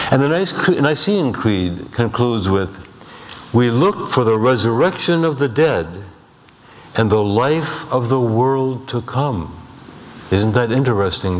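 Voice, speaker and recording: Guy preaching in a church, steady mid voice, long echo off the hall. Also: medium pitch. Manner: measured preaching, slows for emphasis, rhetorical questions. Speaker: pastor. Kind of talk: sermon. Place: church sanctuary.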